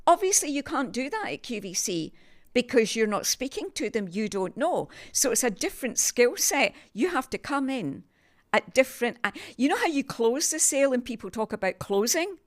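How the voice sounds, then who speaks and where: An older woman with a Scottish accent from Glasgow, a TV sales presenter telling stories as a podcast guest in an animated, emphatic way. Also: fairly high pitch, moderate pace. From Scotland, Glasgow. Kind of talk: conversational storytelling.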